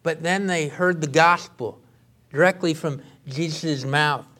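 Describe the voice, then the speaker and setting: A male pastor preaching a sermon in an earnest way, often halting and restarting his sentences. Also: a little high, pushed and bright.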